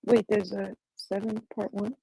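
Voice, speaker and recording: Gravelly husky woman, chatty stream guest, quick questions. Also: mid-range voice, level tone, warm tone, no room sound, rough recording. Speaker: livestream guest. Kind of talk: casual livestream chat.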